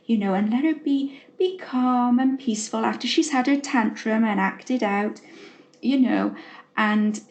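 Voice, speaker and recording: A woman co-hosting a podcast at an unhurried, slow pace. She talks gently and reflectively, pausing often on fillers and restarting her sentences. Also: on the high side, highs cut off. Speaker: podcast co-host. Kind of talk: casual chat.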